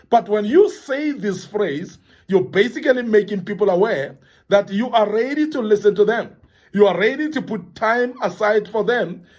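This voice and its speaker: Man, high voice, earnest motivational speaker, emphatic and repetitive. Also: a little mellow. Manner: earnest, emphatic, repeats phrases for stress. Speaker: forum speaker addressing young men. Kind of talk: motivational talk.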